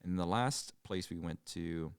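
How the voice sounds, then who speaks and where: A man co-hosting a podcast, telling stories in casual chat with animated, jokey delivery and quick silly impressions. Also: clean tone, no room sound, clean studio sound. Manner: animated storytelling, bursts into silly high impressions. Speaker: podcast co-host.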